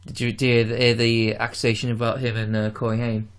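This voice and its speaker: A man's voice: mid-range voice, level tone, brisk, clear, resonant tone. A man co-hosting a podcast film commentary, chatting loosely and trailing off mid-thought. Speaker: podcast co-host. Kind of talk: casual film commentary chat.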